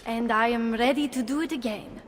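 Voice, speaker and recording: A woman's voice: a little high, brisk, a little hiss or hum, lightly acted. An actress playing a fierce, determined young noblewoman in a game, speaking defiantly.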